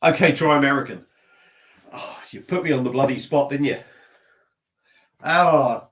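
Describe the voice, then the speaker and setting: A man's voice: mid-range voice, measured pace, a bit bright. Brief: guy on a casual home live stream, stuffy-nosed, rambling and self-deprecating into a laptop mic. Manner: rambling, self-mocking, chatty, reading out comments. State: slightly stuffy nose. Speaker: beer vlogger live-streaming. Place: at his desk at home.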